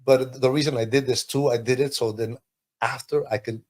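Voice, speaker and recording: A man from Peru, a podcast guest, telling a personal testimony in an animated, emotional way, his voice rising sharply at the moments that move him. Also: normal speed. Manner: animated, emotional storytelling with sudden high pitch lifts.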